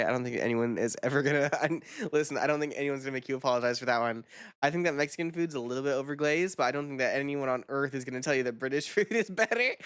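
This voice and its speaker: A vtuber streamer chatting casually on a live stream, rambling and swearing, with quick reactions and frequent laughter. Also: medium pitch, a bit bright, clear, resonant tone, no echo, clean studio sound. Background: background music.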